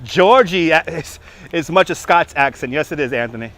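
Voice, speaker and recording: Chatty high-voiced man in his forties. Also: brisk, a bit bright. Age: 40s. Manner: chatty, laughs at his own jokes. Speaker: livestreaming walking tour guide. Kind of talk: casual live-stream chat to viewers. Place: outdoors on city streets and a park. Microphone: phone on a handheld gimbal.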